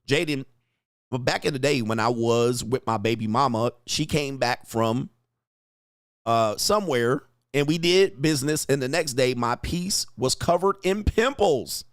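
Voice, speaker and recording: A man hosting a live stream, reading chat comments aloud and answering in brash, profane rants that climb loud and high, with bursts of laughter. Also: animated, a little slow, no room sound, clean studio sound. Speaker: online talk show host reading chat.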